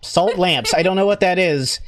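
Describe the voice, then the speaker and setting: A woman improvising as a wry, deadpan field reporter in a comedy sketch. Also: fairly low pitch, normal speed. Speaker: improv performer.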